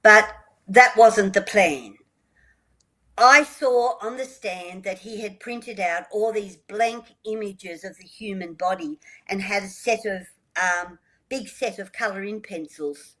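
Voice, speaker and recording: An older woman, a radio guest telling her life story in a lively way and acting out the dialogue. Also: medium pitch, slow, poor audio. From Australia. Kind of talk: storytelling interview.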